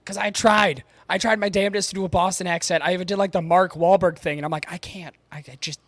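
A man's voice: high-pitched, steady tone, fast, fairly bright tone, no room sound. A man from Michigan's Upper Peninsula with a Yooper accent, co-hosting a casual podcast in a joking, teasing, profane way. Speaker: podcast co-host, voice actor. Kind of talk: casual chat.

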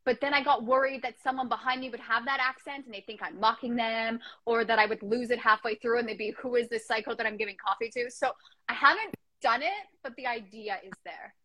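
A young woman hosting a casual video chat, playful and quick to laugh. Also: fairly high pitch, steady tone, pushed and bright. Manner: playful, chatty, laughs often. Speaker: host.

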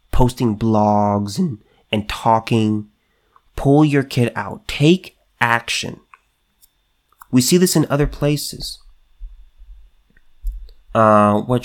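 A man hosting a solo commentary show, talking emphatically, repeating himself and restarting, and reading news items aloud. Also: medium pitch.

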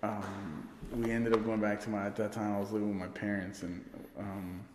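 A man's voice: on the low side, flat delivery, normal speed, slight background noise. A man telling a party story in casual chat, rambling and swearing, laughing often. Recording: roomy with long reverb.

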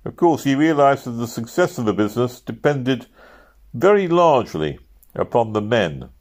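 A man narrating a novel aloud at a steady pace, lifting his voice for shouted quotes. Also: medium pitch, normal speed. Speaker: audiobook reader.

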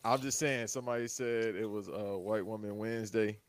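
A man's voice: lowish voice, level tone, fairly quick. A man co-hosting a podcast, chatting in a laid-back, joking way. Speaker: podcast co-host. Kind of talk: casual podcast banter.

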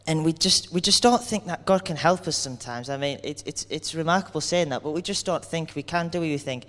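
A man's voice: fairly high pitch, brisk, hardly any pauses, a bit bright. A man giving an earnest, conversational sermon, speaking candidly and acting out everyday complaints. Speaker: preacher. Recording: long hall reverb.

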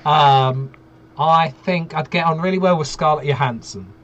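A man's voice: on the high side, moderate pace, a bit bright. A man co-hosting a podcast, dry and teasing in casual banter. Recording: dull lo-fi sound with faint background noise.

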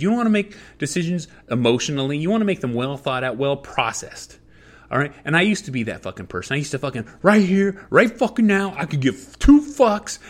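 A man's voice: mid-range voice, fairly bright tone. Emphatic swearing man giving advice. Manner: emphatic, heavy swearing, repetitive. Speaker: podcast host. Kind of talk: profane advice monologue.

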